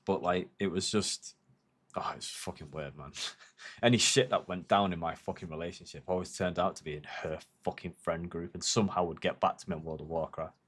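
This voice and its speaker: A man's voice: low voice, fairly quick. A man in his thirties chatting casually on a livestream, rambling and reflective with plenty of swearing.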